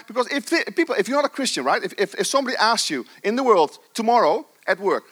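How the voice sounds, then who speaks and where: A man's voice: high-pitched, sing-song, fast talker, hardly any pauses, a bit bright. A middle-aged man preaching a sermon with passion, stressing his points and repeating phrases for emphasis.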